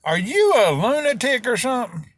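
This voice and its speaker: A man's voice: very high voice, big pitch swings, moderate pace, a bit bright, no room sound, studio quality. A middle-aged man with a Southern American accent ranting in a folksy, heated way, full of rural slang. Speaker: video host. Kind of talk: opinion rant to camera.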